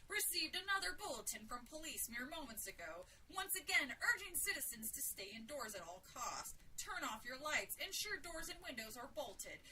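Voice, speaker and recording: A woman's voice: high voice, very animated, normal speed, hardly any pauses, pushed and bright, voice pushed up, full character voice. A woman voicing a grim female TV news reporter, delivering an urgent formal bulletin from a distant mic with faint room noise.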